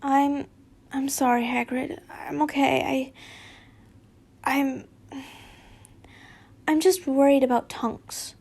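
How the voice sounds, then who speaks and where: A woman's voice: high-pitched, fairly even intonation, takes it slowly, creaky, pauses often, darkish tone, full character voice. A woman voicing an anxious teenage boy wizard in a fanfiction reading, small-voiced and stumbling. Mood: worried. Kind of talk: fanfiction read aloud.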